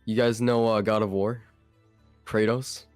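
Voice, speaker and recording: A man chatting on a podcast with deadpan, dark humor. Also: lowish voice, measured pace, smooth, no echo, faint music behind. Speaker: podcast guest. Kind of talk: casual chat.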